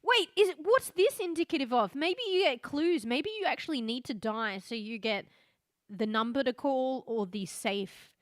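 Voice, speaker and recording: A woman streaming a horror game in a loose, chatty way, swearing freely and laughing between thoughts. Her voice sits a little high, and the sound is close and dry with no room around it. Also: expressive, moderate pace, dry recording. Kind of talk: casual live-stream commentary.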